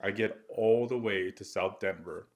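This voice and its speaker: A man's voice: fairly low pitch, normal speed. A young man co-hosting a podcast, telling a story in a laid-back way and laughing at himself. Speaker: podcast co-host, police officer. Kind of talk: casual chat, storytelling.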